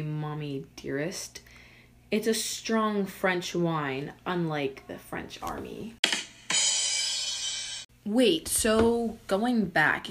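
A sulky teenage prince, snarky and constantly exasperated, talks down to his mother and turns to his viewers like a vlogger, as a woman plays him in a comedy skit. The voice sits fairly low for a woman and stays in her own everyday register. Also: a little hiss or hum.

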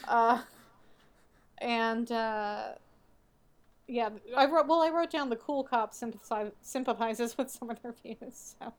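A woman's voice: fairly high pitch, takes it slowly. A woman co-hosting a podcast, casually recapping a show with wry asides. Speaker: podcast co-host. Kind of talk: casual chat.

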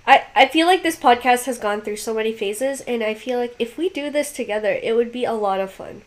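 A woman's voice: a little high, a little fast. A woman in her twenties co-hosting a casual podcast, teasing and laughing easily. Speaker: podcast co-host. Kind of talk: casual chat.

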